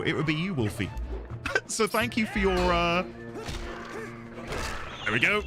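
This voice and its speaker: A man's voice: fairly high pitch, sing-song, moderate pace, long pauses, over music. A man with a British accent chatting casually while streaming a game, rambling through explanations and amused at himself. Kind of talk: casual gameplay chat.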